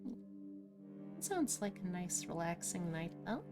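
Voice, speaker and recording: A woman streamer talking slowly in a fairly low voice, chatting casually from a home setup at her desk microphone. She keeps a low-key, self-deprecating ramble going, with faint music under her. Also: sing-song. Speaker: streamer host. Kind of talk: casual live-stream chat.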